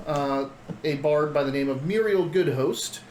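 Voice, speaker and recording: A chatty man with a somewhat high voice, hosting a tabletop game and recapping events with plenty of fillers and laughs. The sound is echoey with a little noise behind him. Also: measured pace, a little mellow. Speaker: game master and show host. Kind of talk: casual banter and game recap.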